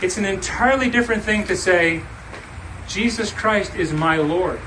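A male pastor delivering a sermon, reading scripture and preaching with slow, emphatic, dramatic phrases. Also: high-pitched, a bit bright, slight background noise, rough recording.

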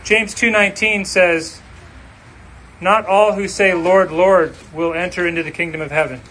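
A male pastor delivering a sermon, reading scripture and preaching with slow, emphatic, dramatic phrases. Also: high-pitched, fairly even intonation, sharp tone, rough recording.

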